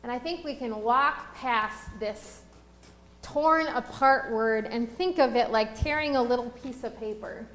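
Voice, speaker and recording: Woman, pastor, high-pitched, sermon with a personal story, slow deliberate scripture reading, reverberant room. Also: fairly bright tone. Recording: roomy echo.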